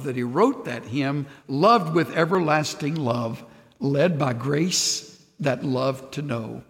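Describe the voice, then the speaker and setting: Older guy pastor preaching, earnest, goes quiet and soft, reverb-y hall. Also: on the high side, expressive, slow pace. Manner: earnest and intimate, drops to near-whispers. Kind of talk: sermon.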